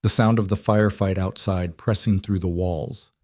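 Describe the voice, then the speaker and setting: Male narrator, low voice, steady dramatic thriller read, dry close muffled sound. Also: normal speed, no echo. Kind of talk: scripted narration.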